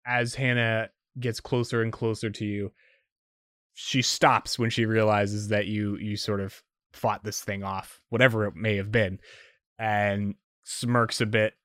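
A man's voice: fairly low pitch, little pitch movement, unhurried, a bit bright, dry recording, studio quality. A man narrating as game master of a tabletop role-playing game, loose and full of hedging fillers.

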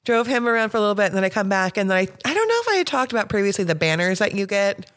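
A woman's voice: medium pitch, very animated, very fast, fairly bright tone. Laughing, swearing woman telling stories. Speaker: podcast guest. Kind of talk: casual storytelling.

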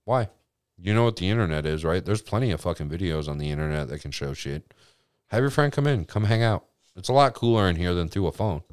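A man's voice: sits low, animated, fast, clean tone. A man co-hosting a casual podcast chat, talking bluntly and emphatically with heavy swearing.

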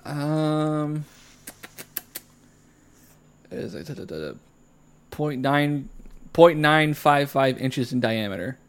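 Young american podcast host from florida, bit higher voice, chatty, goofs around with voices. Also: male voice, expressive, slow, long pauses, clean tone. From Florida, United States. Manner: laughs often, drops into joking voices. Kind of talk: casual chat.

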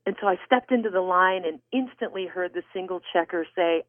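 A woman guest author telling a personal story in an interview, animated and expressive. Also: on the low side, a little fast, few pauses, no echo. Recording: tinny phone line.

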